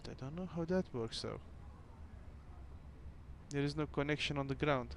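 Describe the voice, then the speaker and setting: Dutch-native man, flight sim streamer, slightly high voice, relaxed running commentary, faint background hiss. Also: normal speed, gravelly. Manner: chatty, thinking aloud while running cockpit checks. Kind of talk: casual gameplay commentary.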